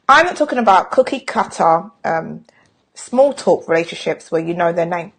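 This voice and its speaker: A woman's voice: fairly low pitch, lively intonation, normal speed. A middle-aged woman talking casually on a live stream as a sales coach, frank and chatty, with self-mocking jokes.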